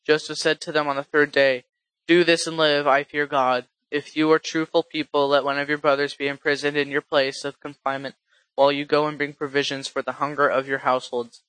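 A man reading scripture aloud in a halting way, often restarting and correcting himself. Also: fairly high pitch, little pitch movement, a bit bright, smooth, no echo, rough recording. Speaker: scripture reader.

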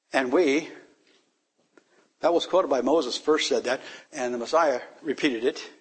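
A man teaching a sermon on scripture, with an emphatic, drawn-out delivery that rises to sudden loud peaks. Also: medium pitch, slightly rough. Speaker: Bible teacher.

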